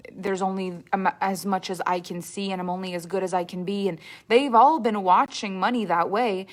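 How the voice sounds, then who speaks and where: A woman giving a motivational talk on money, telling stories, acting out what people said and often repeating words. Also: medium pitch. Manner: storytelling with acted-out quotes, repeats words. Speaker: money coach.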